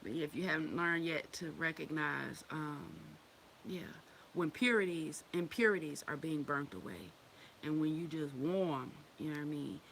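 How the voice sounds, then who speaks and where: A woman talks straight to her followers on a livestream. Her voice sits a little low, and she swears freely and laughs often. Under the profanity she is candid and affectionate, and a faint hiss runs behind her. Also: moderate pace, vocal fry, fairly bright tone. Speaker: women's wellness group leader. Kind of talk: casual livestream talk.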